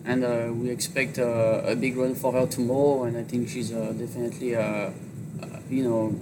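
Brief: a man with a French accent, a jockey being interviewed, speaking in a halting, filler-heavy way over clear background noise. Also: mid-range voice, level tone. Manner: halting, filler-heavy speech with many "you know"s. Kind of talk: interview on horse racing.

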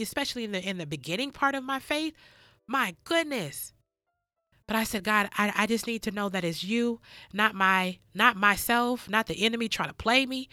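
A bright-voiced woman leads a devotional podcast talk, earnest and preacherly, circling back to the same phrases for emphasis. She calls her listeners child and baby. The sound is close and dry, with no room around it. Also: a little high, no echo. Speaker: podcast host.

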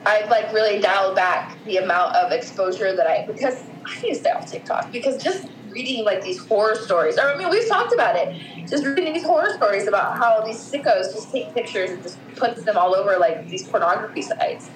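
A woman's voice: mid-range voice, animated, brisk, roomy sound, faint music behind, rough recording. A woman co-hosting a casual podcast chat, blunt and swearing freely. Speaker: co-host.

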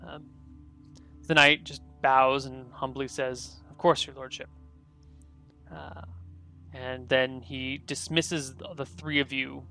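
Male game master, bright tone, faint music bed. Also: medium pitch, flat delivery, takes it slowly. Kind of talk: narrating a tabletop game.

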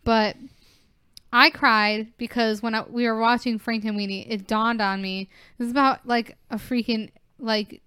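Teasing woman with a high, smooth voice. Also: steady tone, bright, forceful tone, no room sound, clean studio sound. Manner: teasing, laughing, quick to jump in. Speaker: podcast co-host. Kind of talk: casual chat.

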